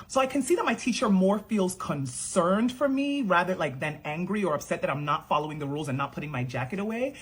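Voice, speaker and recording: A young woman telling an animated storytime vlog, acting out the people she quotes. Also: lowish voice, brisk, few pauses, breathy edge. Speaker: beauty creator.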